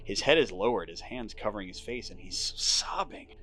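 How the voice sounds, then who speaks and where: A man's voice: lowish voice, normal speed, pushed and bright, a little hiss or hum. A man hosting a board game playthrough, reading the horror story text dramatically and chatting casually about his moves. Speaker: board game channel host.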